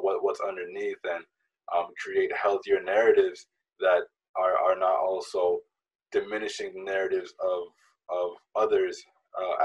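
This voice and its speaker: A man's voice: deep voice, slightly rough, low-quality recording. A man speaking thoughtfully in a panel discussion, hesitant and searching for words. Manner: hesitant, many fillers and restarts.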